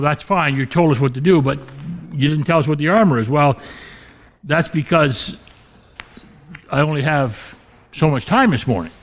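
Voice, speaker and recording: A male pastor delivers a sermon with emphatic, drawn-out stresses on key words. His voice sits fairly high, and he often sinks lower to drive a point home. The recording is dull and lo-fi. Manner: emphatic preaching, stretching key words and dropping low for stress.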